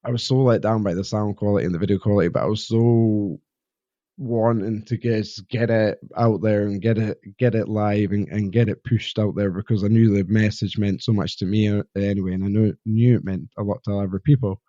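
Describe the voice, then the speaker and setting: A man's voice: lowish voice, fairly even intonation, fairly quick, mellow, no echo, muffled recording. A man with a Scottish Borders accent hosting a solo podcast, talking candidly and rambling in a self-deprecating way into a podcast mic. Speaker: podcast host. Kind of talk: solo reflective podcast monologue. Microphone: podcast microphone.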